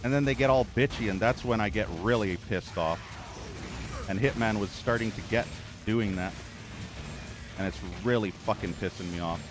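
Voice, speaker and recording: A man's voice: fairly low pitch, moderate pace, over music. A man streaming a video game, complaining and cursing as he plays. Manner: irritated, cursing, ranting. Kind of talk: gameplay commentary.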